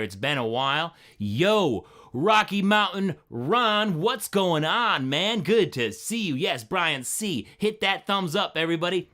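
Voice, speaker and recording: A man hosting a live stream, energetic and friendly, greeting chat viewers one by one by name. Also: on the high side.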